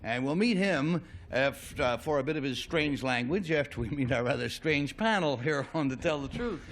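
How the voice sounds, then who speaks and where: A man's voice: a little high, animated, normal speed, noisy background. A man hosting a television game show, genial and talkative, with a few hesitant fillers. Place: television studio.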